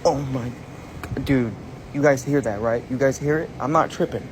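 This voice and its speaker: Another frightened self-shot clip from a night shift indoors at a store, captured on a handheld phone camera, where a nervous young man talks in slang and keeps breaking off. He speaks with a medium pitch at a moderate pace against a noisy background.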